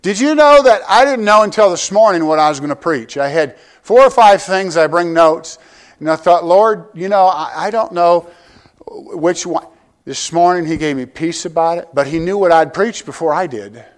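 A man's voice: sits high, moderate pace. An older man preaching a sermon to his church, conversational and joking, often asking the congregation direct questions. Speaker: pastor.

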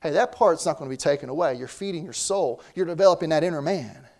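A man's voice: a little high, quick pace, vocal fry, a little mellow. A man preaching a sermon as pastor, in a conversational way that often repeats words.

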